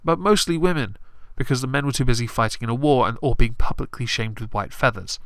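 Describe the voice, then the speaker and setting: A man's voice: mid-range voice, quick pace, fairly bright tone, smooth, dry recording. A man giving blunt, sarcastic live-stream commentary on politics, swearing often.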